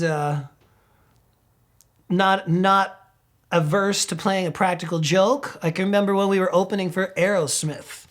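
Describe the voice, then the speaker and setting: A middle-aged man, a rock singer, telling road stories in a casual interview, laughing often and swearing freely. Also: sits high. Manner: acts out quotes with sudden loud outbursts.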